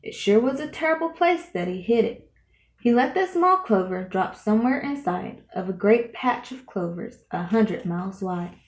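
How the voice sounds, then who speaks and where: A woman reading a rhyming children's book aloud in a lively, sing-song way. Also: medium pitch, moderate pace. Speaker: storyteller. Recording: roomy echo.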